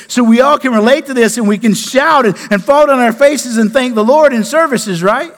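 A man, a pastor preaching a sermon, animated with loud bursts and quiet drops. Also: very high-pitched, moderate pace, hardly any pauses. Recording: long reverb of a large hall.

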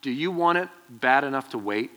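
A young man preaching to students as their pastor, telling a personal story with lively, acted-out quotes. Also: mid-range voice, a little fast. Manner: animated storytelling, acts out quoted voices. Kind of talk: youth sermon with personal story.

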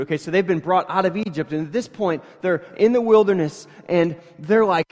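Preacher with echoing hall reverb. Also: male voice, high voice, brisk, hardly any pauses. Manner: swings from quiet reading to loud emphatic preaching; conversational, with fillers and restarts. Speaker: pastor. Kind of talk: sermon.

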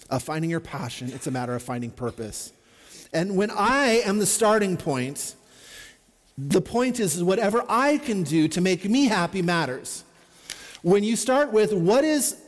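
A man's voice: high-pitched, long reverb tail. A middle-aged man preaching a sermon as a pastor, in an earnest, conversational way with repeated refrains.

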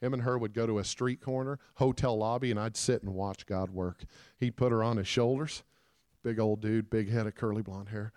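A man giving a sermon as a guest preacher, telling a story and calling out to the congregation, moving between loud shouts and hushed quiet. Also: lowish voice, steady tone, moderate pace. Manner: calls out to the congregation.

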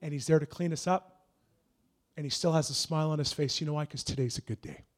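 A young man preaching a sermon, earnest and encouraging, building into shouted prophetic declarations. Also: a little high, quick pace.

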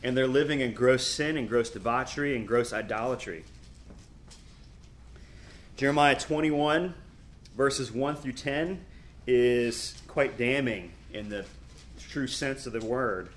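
A middle-aged man teaching a Bible lesson, reading scripture aloud with emphatic, animated delivery and quick asides. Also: medium pitch.

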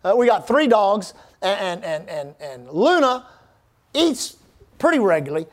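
High-voiced preacher, fervent and rousing. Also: male voice, very animated, measured pace. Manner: fervent preaching with call-and-response asides. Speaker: pastor. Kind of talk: sermon.

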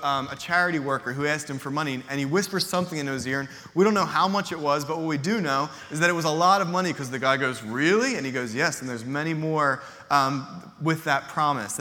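Bright-voiced pastor in a reverberant hall. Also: male voice, on the high side. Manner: casual storytelling, acts out character lines. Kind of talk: sermon. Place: church hall.

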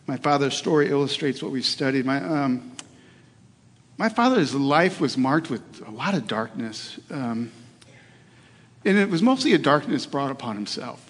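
A man's voice: medium pitch, expressive, normal speed. A middle-aged male pastor preaching a sermon, telling a personal story in an earnest way with hesitations and restarts. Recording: long hall reverb.

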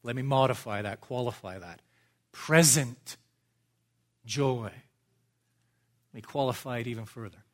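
A man's voice: medium pitch, takes it slowly, long pauses. A man preaching an expository sermon as pastor, structured and emphatic, repeating phrases for stress. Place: church.

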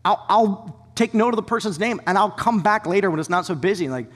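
Male pastor, lively sermon delivery with whispered drops, slightly high voice. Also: long reverb tail. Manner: dynamic preaching, dropping to hushed whispers for emphasis; animated storytelling with quick asides.

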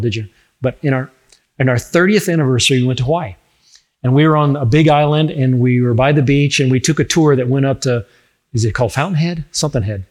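Middle-aged pastor guy preaching, chatty and animated, a bit high-voiced. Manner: animated, conversational, jokes with the congregation. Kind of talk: sermon.

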